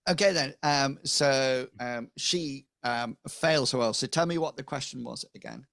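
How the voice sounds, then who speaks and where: Male game master, slow and gravelly, hesitant narration. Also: mid-range voice, a bit bright, no echo, clean studio sound. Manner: halting, many ums and restarts.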